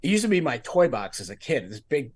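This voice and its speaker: A man's voice: mid-range voice, very animated, fairly quick, breathy edge. A man on a podcast casually telling a rambling personal story, acting out his own past thoughts with lots of fillers. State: grieving. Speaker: podcast co-host.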